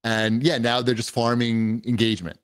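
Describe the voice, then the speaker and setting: A middle-aged man with a medium-pitched voice joins a podcast as a guest. He talks in a loose, rambling way, filling his speech with casual asides. The recording is close and dry. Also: little pitch movement, normal speed, smooth, no echo. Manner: rambling, conversational, frequent 'you know'. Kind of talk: casual chat.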